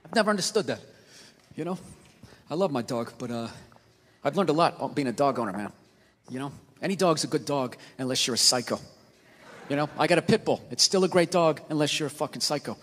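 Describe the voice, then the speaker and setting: A man performing a stand-up comedy routine, ranting in exasperation and shouting his punchlines. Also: on the high side, lively intonation, fairly quick, long pauses. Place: comedy theater stage. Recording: live hall reverb, crowd laughter and noise.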